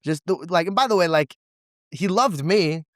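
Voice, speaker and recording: Excitable man telling stories, dry sound. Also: sits high, moderate pace, no echo. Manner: excitable, often says "bro" and "dude"; emotional and laughing while telling stories. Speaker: podcast guest. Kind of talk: animated storytelling in casual chat.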